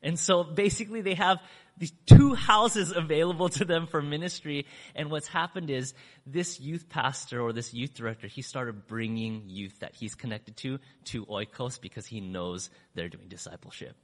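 A man speaking to a church audience, telling a story in a chatty, animated way and acting out what people said with big swings in his voice. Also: moderate pace. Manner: acts out quoted speech with big pitch swings; chatty, with fillers and restarts. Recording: long hall reverb.

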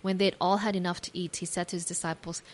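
Lower-pitched woman retelling a Bible story. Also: flat delivery, fast. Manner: imaginative retelling with gentle asides; reads scripture aloud. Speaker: devotional speaker.

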